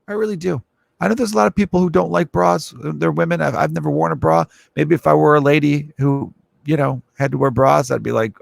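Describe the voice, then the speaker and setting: Gravelly, rambling comedian host. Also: male voice, medium pitch, no echo, clean studio sound. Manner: rambling, profane, acts out quoted voices. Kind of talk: casual comedic monologue.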